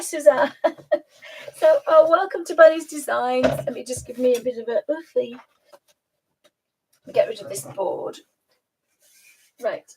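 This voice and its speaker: A woman's voice: sits high, dark tone, husky, rough recording. A woman hosting a casual live stream, chatting and cooing at her pet and laughing often. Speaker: host.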